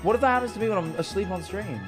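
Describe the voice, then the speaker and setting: A man's voice: high-pitched, very fast. Young English man, streamer, casual chat, rambling restarts, faint background music. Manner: rambling, joking storyteller with many restarts.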